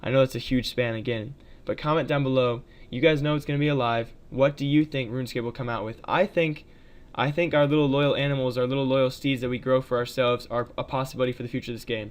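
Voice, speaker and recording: Chatty man with a smooth voice. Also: mid-range voice, fairly even intonation, quick pace. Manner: chatty, addresses viewers as guys, many fillers. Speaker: gaming video creator. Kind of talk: casual gameplay commentary.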